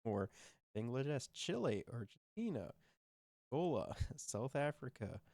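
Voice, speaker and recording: A man chatting casually on a stream, halting and restarting as he talks. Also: medium pitch, very animated, gravelly, a little mellow, no echo, studio quality. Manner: halting, many fillers and restarts. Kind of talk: casual chat.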